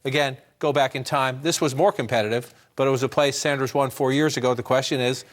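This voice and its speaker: A man rattles through vote margins at a rapid clip, explaining as he goes and correcting himself mid-sentence. He speaks as an on-air election analyst in a TV news studio, with a mid-range voice. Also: mid-range voice, fairly even intonation. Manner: brisk, explanatory, thinks aloud with restarts. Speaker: election analyst at a touchscreen map. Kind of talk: live election-night analysis.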